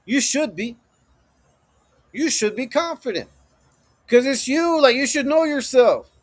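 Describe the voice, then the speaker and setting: Man, fairly high voice, swaggering, profane, laughing, livestream host, motivational talk. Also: animated, measured pace. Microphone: streaming setup.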